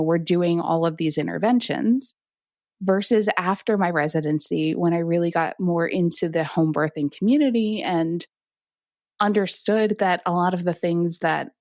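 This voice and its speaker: Low gravelly-voiced woman physician explaining. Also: dry recording, studio quality. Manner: calm, explanatory, clinical detail. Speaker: physician guest. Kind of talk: conversational interview.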